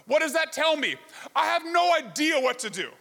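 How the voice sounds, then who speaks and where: A man delivers a sermon in a high, sharp-edged voice. He works the room with rhetorical questions and a lively story. His words ring out with a long reverb from the large hall around him. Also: moderate pace, vocal fry. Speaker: pastor.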